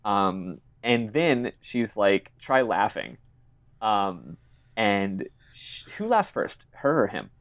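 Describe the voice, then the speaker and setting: Speaking slowly in a lowish, slightly bright voice, this man is very animated as he co-hosts a podcast. He retells a game's story in casual chat, voicing characters' lines amid laughs and curses.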